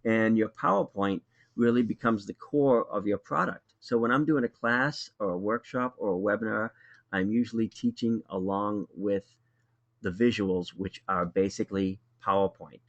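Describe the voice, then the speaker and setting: A man's voice: lowish voice, moderate pace, lo-fi sound. Man with a Boston accent teaching a webinar. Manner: relaxed, conversational, frequent ums. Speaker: webinar presenter. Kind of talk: live webinar tutorial.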